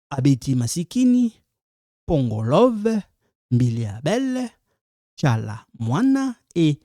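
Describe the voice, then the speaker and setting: Male teacher, slow and patient, mellow low-key tone, dry close sound. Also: creaky, no room sound. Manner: slow, repeats example sentences, switches between French and English. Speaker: French teacher. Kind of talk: language lesson explaining pronunciation.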